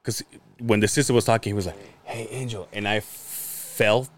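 A man co-hosting a podcast tells a story in casual chat, his voice lowish and his pace moderate. He's an animated storyteller who acts out the people he quotes, laughing and swearing a lot as he goes.

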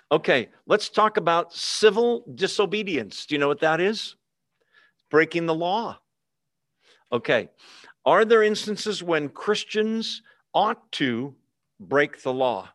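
A man's voice: mid-range voice, fairly bright tone, dry recording, clean studio sound. A man preaching a sermon in a conversational teaching way, often putting questions to the congregation. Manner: asks the congregation questions, call and response. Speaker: pastor.

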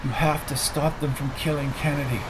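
A man's voice: a little high, fairly even intonation, normal speed, noisy background, close to an everyday voice. A man voicing a loyal, tough male sidekick in an earnest way.

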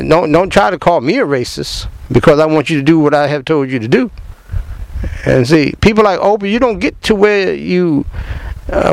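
A man's voice: on the high side, gravelly, smooth, dry recording, low-quality recording. A man giving impassioned commentary in an emphatic, preachy way, firing rhetorical questions at the listener and repeating words as he gets going. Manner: repeats words when fired up.

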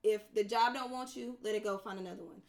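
A woman's voice: mid-range voice, fast talker, darkish tone. A woman co-hosting a podcast, talking in a sassy, playful, slangy way. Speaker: podcast co-host. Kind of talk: casual podcast chat.

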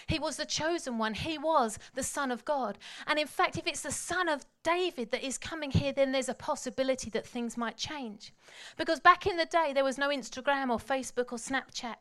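High-voiced woman preaching. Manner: dramatic storytelling, swings from hushed to shouting. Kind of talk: sermon.

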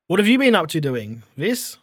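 A man's voice: fairly high pitch, very animated, moderate pace, a bit bright, husky, no echo, clean studio sound. A young man co-hosting a casual podcast chat, teasing the others and giggling. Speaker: podcast co-host.

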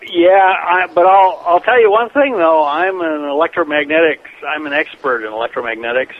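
A man being interviewed as a scientist guest on a radio show, telling stories in a rambling, animated way with many restarts. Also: on the high side, normal speed. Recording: dull lo-fi radio broadcast with faint noise.

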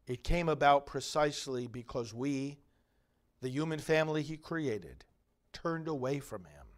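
A male priest giving liturgical readings and a homily in a measured, solemn way with long pauses. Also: medium pitch, lively intonation.

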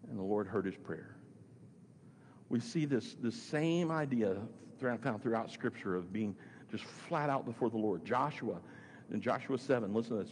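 A man's voice: medium pitch, a little mellow. A man preaching a sermon, stressing his points by repeating phrases. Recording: long hall reverb with faint noise.

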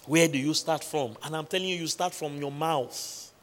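A man preaching a midweek sermon, with emphatic pauses, quoting scripture and repeatedly questioning the congregation. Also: fairly high pitch, slight background noise. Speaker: pastor. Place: large church hall. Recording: long hall reverb.

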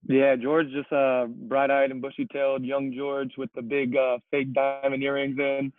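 A young man talks loosely on a podcast, rambling with plenty of fillers. His voice is of middling pitch and comes through a tinny, phone-like remote line. The sound is dry, with no room around it. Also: completely flat delivery, moderate pace, no echo. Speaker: podcast guest, CrossFit coach. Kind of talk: casual podcast chat.

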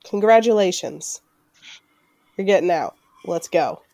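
A woman playing a tabletop game, explaining her character in a measured way with frequent ums. Her voice is fairly low for a woman and sounds dry and close. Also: expressive, warm tone, no echo. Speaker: player.

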